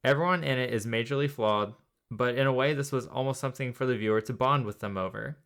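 A thoughtful man co-hosting a podcast, talking through ideas in long, meandering sentences. His voice is smooth and resonant, pitched in the middle. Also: fast, a bit bright. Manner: thoughtful, rambling, many fillers. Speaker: podcast co-host. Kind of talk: casual chat.

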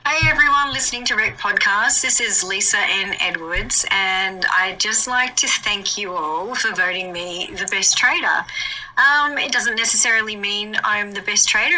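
A very bright, crisp-toned Australian woman records a casual thank-you message. She boasts playfully and teases herself with a cheeky, light delivery. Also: mid-range voice, low-quality recording. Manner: playful, self-mocking boasting. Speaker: guest giving a recorded acceptance speech.

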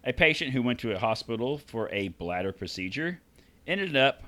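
A man's voice: mid-range voice, very animated, moderate pace, fairly bright tone. A man with a rural American accent hosting a casual, crude podcast, reading news stories aloud and teasing his co-hosts with quiz questions. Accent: rural American (self-described redneck). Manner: laughs often, reads stories aloud, teasing quizzes.

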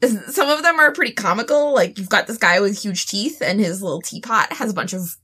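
A woman hosting a podcast in casual chat, giggly and animated. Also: medium pitch, brisk, husky. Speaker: podcast host.

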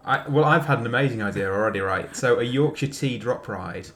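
A man's voice: mid-range voice, expressive, a little fast, a bit bright. A man co-hosting a casual podcast chat, chiming in with dry ideas.

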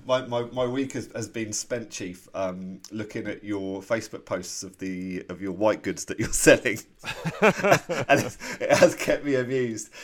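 A man co-hosts the podcast in a lower voice whose pitch rises and falls a lot. He chats casually, laughs often and keeps chiming in with short reactions. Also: animated, a little slow. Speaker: podcast co-host. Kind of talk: casual chat.

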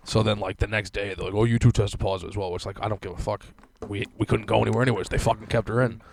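A man's voice: lowish voice, fairly even intonation, rapid-fire, vocal fry, darkish tone, a little hiss or hum. A young man telling a long, rambling, profane story in casual chat, full of fillers.

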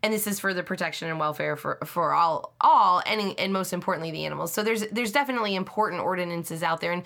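A woman with a bright, clear voice talks in a chatty, casual way on a podcast. She works as a service dog trainer. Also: lowish voice, fast talker.

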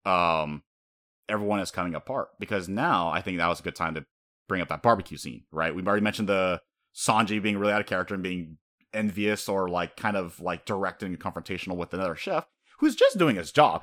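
A man with a fairly low voice talks through an animated film in a loose, casual review. His delivery is rambling and animated, and it is packed with "like" fillers. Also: fast talker. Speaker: podcast host reviewing an anime film.

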